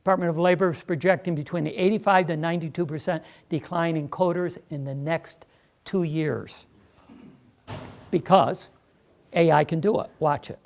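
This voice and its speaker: A man speaking to a school district meeting, emphatic and persuasive, with quick asides to the audience. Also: fairly high pitch, steady tone, gravelly. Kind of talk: live presentation. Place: meeting room.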